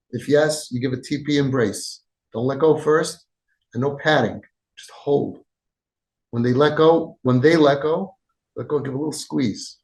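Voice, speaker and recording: A man hosting a parenting podcast, giving impassioned advice with shifts between loud and soft and acting out quoted lines. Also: fairly high pitch, moderate pace. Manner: emphatic, acts out quoted dialogue, swings between loud and soft. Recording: echoey room.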